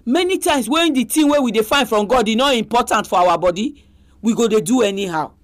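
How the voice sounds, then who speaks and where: A woman's voice: fairly high pitch, animated, brisk. A woman with a Nigerian accent preaching a sermon, exhorting her listeners with pointed rhetorical questions.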